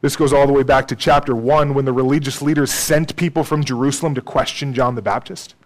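A man's voice: medium pitch, steady tone, a little fast. A man preaching a sermon in a conversational way, often checking in with "okay?" and "right?".

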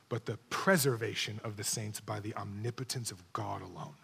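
A man's voice: on the low side, creaky, a bit bright, breathy edge. A man preaching a sermon, teaching emphatically, repeating key words and checking in with his listeners. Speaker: pastor. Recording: long hall reverb.

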